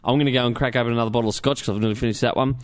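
A man's voice: mid-range voice, fairly even intonation, very fast. An Australian man hosting a casual podcast, joking and swearing freely. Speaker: podcast host.

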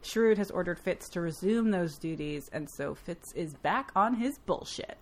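A woman summarizes a novel's chapter in relaxed podcast chat. She drops dry, joking asides as she goes. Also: on the low side, a little slow. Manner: recaps plot with wry asides. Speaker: podcast host. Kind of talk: casual book-club chat.

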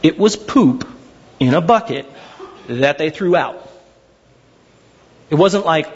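A man preaching a sermon as pastor, animated and swinging between excited high asides and slow low emphasis, stumbling over repeated words when worked up. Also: husky, dull audio.

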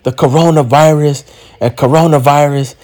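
A man voicing his young daughter, whiny and puzzled, in a high sing-song mimicry. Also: steady tone, normal speed, a little mellow, lightly acted. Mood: teasing.

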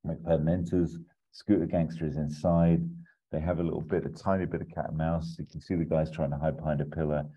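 A man hosts a podcast and casually pitches a film plot, rambling, laughing and swearing as he goes. His voice is extremely deep, dark and husky. The audio sounds dull and lo-fi. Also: little pitch movement, brisk.

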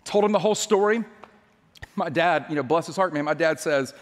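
Man, high-pitched voice, pastor, sermon storytelling, joking and chatty, lingering hall reverb. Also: fairly quick.

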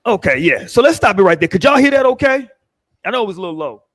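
A middle-aged man with a notably high speaking voice hosts a relaxed panel chat. He is blunt and teasing, and he keeps steering the other panelists. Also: fast. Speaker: podcast host.

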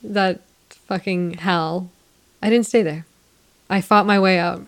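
A woman's voice: lowish voice, fairly even intonation, takes it slowly. A woman co-hosting a podcast, telling a personal story in a casual, candid way with some casual swearing.

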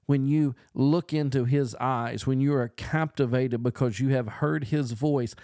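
A man's voice: medium pitch, warm tone, no echo, clean studio sound. A man preaching a podcast sermon in an earnest, emphatic way, building on repeated phrases.

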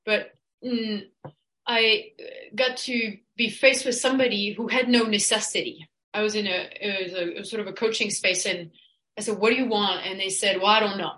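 A woman in an online study group, sharing a coaching experience with thoughtful, halting phrasing. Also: medium pitch, steady tone, sharp tone, echoey room, rough recording. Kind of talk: casual group discussion.

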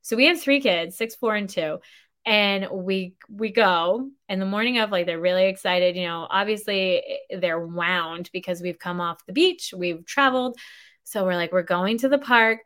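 A woman's voice: medium pitch, fairly bright tone. A woman in her thirties, a podcast host, telling a story in a casual, rambling way and laughing often.

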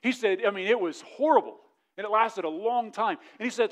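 A young adult man preaching a sermon as a pastor, building to loud impassioned passages and then easing into a soft prayerful close. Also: high-pitched, expressive, a little fast.

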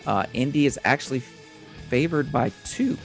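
A man's voice: mid-range voice, animated, moderate pace, faint music behind. A man in a casual sports chat, methodically listing matchups and odds. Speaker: co-host reading game lines.

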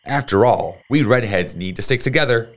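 A man voicing a friendly, eager new schoolgirl in a higher, excited voice. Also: moderate pace, natural voice. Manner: excited, higher-pitched girlish voice.

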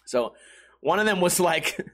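A man's voice: high-pitched, lively intonation, unhurried, a bit bright. A young man chatting casually to his viewers, laid-back and jokey, swearing often and calling people dude. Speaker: YouTuber. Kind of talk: casual rambling chat to viewers.

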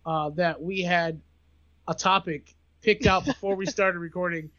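A man chatting on a podcast, animated and laughing often. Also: sits high, a little slow, no echo, highs cut off. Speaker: guest podcast co-host. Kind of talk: casual podcast chat.

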